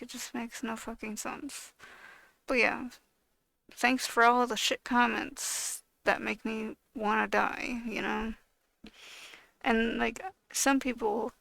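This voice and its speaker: A young adult woman rants to camera in a high, strongly gravelly voice full of fry. Her delivery is blunt, frustrated and profane, slipping between low mumbles and raised complaints. The recording is close and completely dry. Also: fairly bright tone, dry recording. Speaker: vlogger. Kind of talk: casual to-camera rant.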